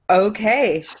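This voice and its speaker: A woman narrating a tabletop game as game master, in a relaxed, casual way. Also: medium pitch, slight background noise.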